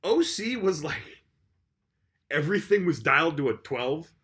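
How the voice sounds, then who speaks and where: Animated, bright-voiced young man. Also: on the high side, measured pace. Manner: animated, swearing, doing mocking impressions. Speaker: podcast co-host. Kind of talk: casual chat.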